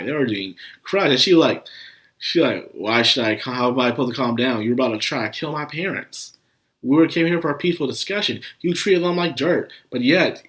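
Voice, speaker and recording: Young male anime reviewer, casual and animated, under the weather with a cough. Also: fairly low pitch. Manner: animated, swears and laughs, acts out scenes. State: sick with a cough.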